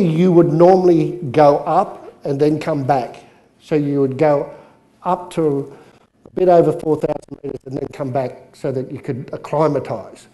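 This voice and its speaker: Male presenter, storytelling workshop delivery, a bit high-pitched. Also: dark tone. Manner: chatty, story-telling, with jokes. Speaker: business coach and presenter.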